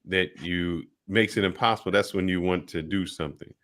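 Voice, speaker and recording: A man hosting an interview, asking questions with lively emphasis. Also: low-pitched, moderate pace. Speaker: host. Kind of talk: casual interview talk.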